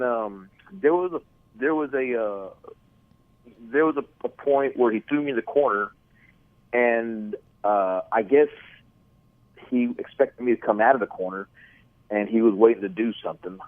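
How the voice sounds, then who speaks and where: A middle-aged man with a Texan accent, a wrestling promoter telling animated stories in a phone interview, repeating words as he goes. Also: medium pitch, moderate pace, no echo. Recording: tinny dry phone line.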